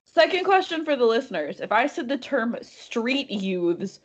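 A young woman co-hosting a podcast, chatting casually, giggling and animated as she tells stories. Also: a little high, unhurried. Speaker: podcast co-host.

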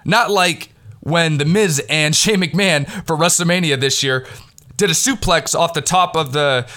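A man excitedly recapping a wrestling event in a rambling, casual way, swearing freely, recorded on a headset mic at home. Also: a little high. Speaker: wrestling fan recapping a pay-per-view. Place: home recording in the Pittsburgh area. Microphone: headset mic with headphones.

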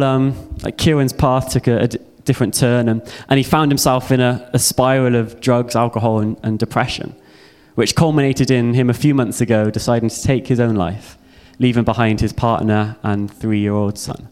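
A man's voice: medium pitch, steady tone, normal speed, darkish tone. A young man giving a heartfelt personal testimony sermon to a youth audience. He speaks earnestly and repeats phrases for emphasis.

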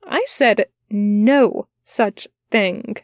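A woman voicing a fussy, gentle male angel who speaks tenderly and stammers when flustered. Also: high voice, expressive, slow, no echo, clean studio sound, voice pushed up.

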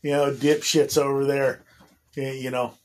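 A man's voice: mid-range voice, little pitch movement, moderate pace. A man casually telling a long story, swearing constantly, laughing often and restarting his sentences. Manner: profane, laughing, rambling with many restarts.

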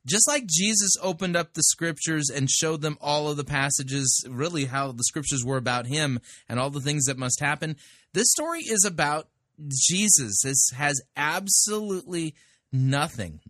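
A man's voice: on the high side, lively intonation, moderate pace, fairly bright tone, dry recording, studio quality. A man hosting a show, giving blunt, sarcastic commentary on a sermon. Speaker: podcast host critiquing sermons. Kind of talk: casual commentary.

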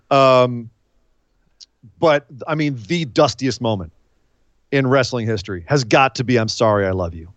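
A man co-hosting a casual podcast, excitable and animated, acting out big moments with shouts and laughs. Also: mid-range voice, moderate pace, pauses often, dry recording, lo-fi sound. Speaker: podcast co-host.

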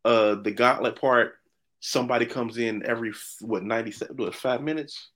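A man co-hosting a podcast in casual chat, animated and opinionated, often restarting his sentences. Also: medium pitch, moderate pace. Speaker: podcast co-host.

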